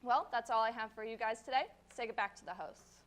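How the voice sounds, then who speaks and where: A woman's voice: on the high side, steady tone, fast talker. A young woman presenting a scripted segment, upbeat and chatty. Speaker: segment reporter.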